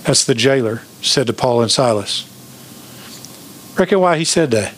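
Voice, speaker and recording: A pastor preaching an emphatic sermon, asking the congregation questions. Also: male voice, mid-range voice, animated, moderate pace, slightly rough.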